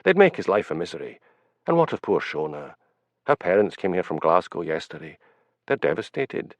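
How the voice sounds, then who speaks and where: A man's voice: deep voice, very animated, moderate pace, no echo, lo-fi sound. A male narrator voicing an anxious young woman who talks in an urgent, pleading way. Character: anxious, earnest young woman reporter with second sight.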